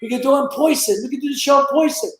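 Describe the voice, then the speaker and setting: A man chatting as a guest on a show, joking and breaking into loud exclamations. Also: very high voice, very fast. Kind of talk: casual chat. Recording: echoey room audio.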